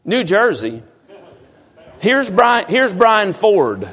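A pastor with a drawl and a high voice preaches loosely to his flock. He talks in a folksy way and keeps calling out people in the pews with playful questions. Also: animated, moderate pace. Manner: folksy, teasing the congregation with questions. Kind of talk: informal sermon to a congregation.

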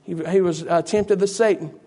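A man preaches a sermon in a high, ringing voice. He keeps turning to the congregation with "you know what?" and rhetorical questions, building his points through repetition. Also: steady tone, moderate pace, warm tone. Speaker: pastor.

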